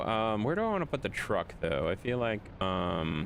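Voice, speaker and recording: A man's voice: low voice, very animated, moderate pace, noisy background. A man streaming a game live, chatting casually and teasingly scolding his chat while he plays. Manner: bantering, scolds and teases chat.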